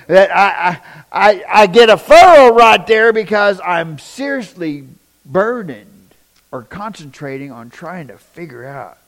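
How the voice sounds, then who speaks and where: A middle-aged man preaching a sermon in a church, folksy and joking, speaking straight to his congregation. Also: on the high side. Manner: animated, folksy and joking, addresses congregation directly. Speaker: pastor.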